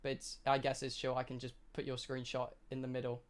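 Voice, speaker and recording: A young British man streaming live, telling a story to his chat in an excitable, swearing way with dramatic pauses. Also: mid-range voice. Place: home streaming room.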